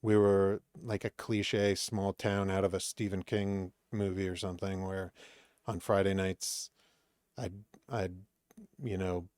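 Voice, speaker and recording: A man's voice: low-pitched, measured pace, clear, resonant tone, dry recording, studio quality. A man, a comedian chatting as a podcast guest and acting out quoted exchanges as he tells stories. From Maine, USA. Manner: animated storytelling, acts out quoted exchanges. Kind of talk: casual chat.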